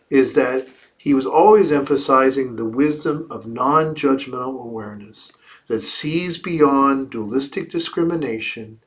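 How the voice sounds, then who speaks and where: Slow, reflective male Buddhist teacher. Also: mid-range voice. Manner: reflective, asks rhetorical questions and repeats key phrases. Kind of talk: dharma talk after meditation. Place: livestreamed evening service.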